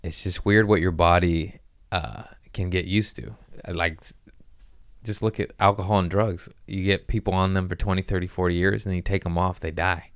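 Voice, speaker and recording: A man with a low voice hosts a loose comedy podcast. He rambles from one bit to the next, swears freely and gets excitable. The sound is close and dry, like a small studio. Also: moderate pace, clear, resonant tone, no room sound. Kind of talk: casual podcast chat.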